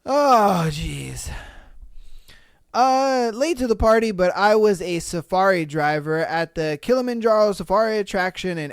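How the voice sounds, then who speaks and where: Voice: medium pitch, clean tone, no room sound, clean studio sound. A podcast host casually reading online stories aloud and reacting with frequent laughter and profane slang.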